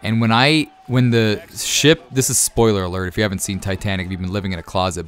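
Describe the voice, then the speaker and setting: A man in his thirties answering viewer questions in a rambling, easily excited way with many fillers. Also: fairly low pitch, brisk, few pauses. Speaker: YouTube gaming creator. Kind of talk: casual Q&A over gameplay.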